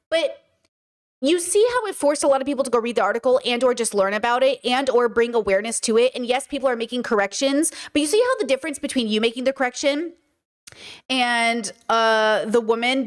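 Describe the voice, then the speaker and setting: A woman's voice: sits high, animated, a little fast. A woman hosting a podcast, giving blunt, profane and heated commentary on video clips. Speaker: podcast host reacting to clips. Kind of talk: casual commentary.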